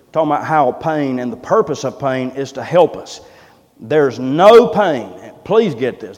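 A man's voice: fairly high pitch, darkish tone, long reverb tail. A middle-aged man, preaching a sermon in a folksy, plain-spoken way. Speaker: pastor.

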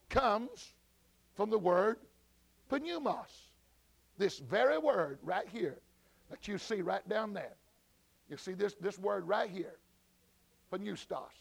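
A man teaching a church Bible study, talking slowly with many fillers and repeated words, and calling out to people at the back of the room. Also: extremely high pitch, vocal fry. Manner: slow, repetitive teaching with frequent fillers and restarts.

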